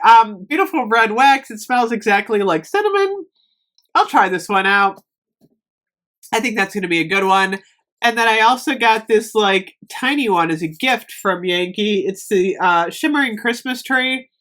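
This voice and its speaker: Woman, casual review vlog, chatty, rambling, lots of ums, mid-pitched voice. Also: a bit bright. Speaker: candle review vlogger.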